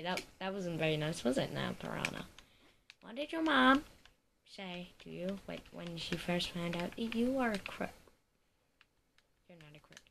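A voice rambles and giggles through silly let's play commentary, low and gravelly in tone. The recording is noisy, with keyboard clicks clattering behind. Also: female voice. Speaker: gaming video creator.

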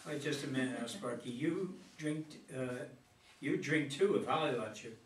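A man's voice: mid-range voice, moderate pace, natural voice. A man reading the part of a tipsy, jolly old Santa Claus in an amateur read-aloud play, hearty with hesitant fillers. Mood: jovial. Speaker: reader in a community reader's theater. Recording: roomy hall, mic far off, faint noise.

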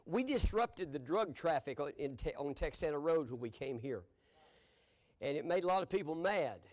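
An older man with a drawl preaches in a church, leaning into folksy storytelling. His voice sits high for a man, and he chuckles easily between lines. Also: lively intonation, normal speed. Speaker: pastor. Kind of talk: storytelling sermon. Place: church sanctuary.

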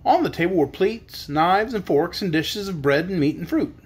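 A male audiobook narrator reading a children's story. His delivery is measured yet expressive, with a lively, wide-ranging pitch. His voice carries a soft, breathy grain.

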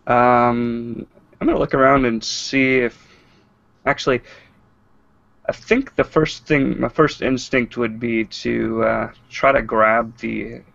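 A man's voice: mid-range voice, fairly even intonation, slow pace, gravelly, a bit bright, dry recording, lo-fi sound. A man playing in an online tabletop game, talking hesitantly with many fillers. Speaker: player.

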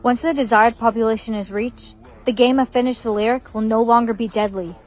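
A high female text-to-speech voice reading a cold, scheming young man. The delivery is flat and synthetic, in storytime style. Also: fairly quick, lightly acted.

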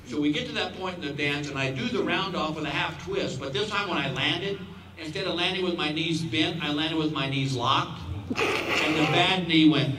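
A man in his fifties telling a stand-up story on stage, animated and acting out voices as he laughs along. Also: high voice, moderate pace. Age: 50s. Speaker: stand-up comedian. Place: outdoor stadium show. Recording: echoey stadium sound from far off. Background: crowd laughter and ambience.

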